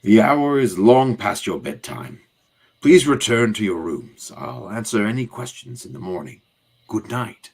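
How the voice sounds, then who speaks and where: Brief: man reading an older, authoritative mentor figure, low voice, firm and measured. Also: big pitch swings, gravelly, a little mellow, breathy edge, full character voice. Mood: stern. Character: stern older male mentor and headmaster.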